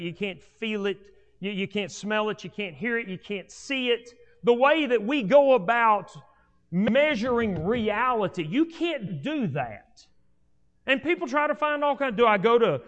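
A man preaching a sermon in an animated way, often repeating and restarting phrases for emphasis, as a preacher before a congregation. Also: high-pitched, muffled recording. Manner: animated, repetitive restarts, rising emphatic delivery. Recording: long hall reverb.

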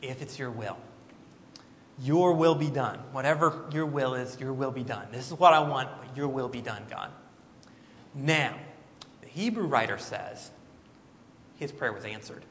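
A man's voice: medium pitch, a little slow, pauses often. A man teaching a Bible study class, reading scripture aloud and asking the group questions. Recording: reverberant hall with faint background noise.

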